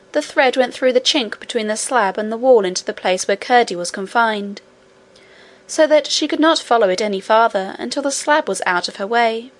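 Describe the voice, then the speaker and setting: A woman narrating a children's fantasy novel aloud in a steady storybook manner. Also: a little high. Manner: steady storybook reading, voicing each character. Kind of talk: audiobook narration.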